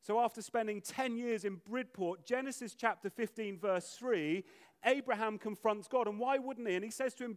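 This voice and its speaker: A man preaching a sermon, animated and acting out the voices of biblical figures. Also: sits high, normal speed.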